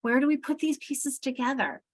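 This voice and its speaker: A woman leads a literacy training session from a video call, her voice sitting somewhat high. She explains as she goes, thinking aloud and breaking off sentences to restart them. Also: normal speed.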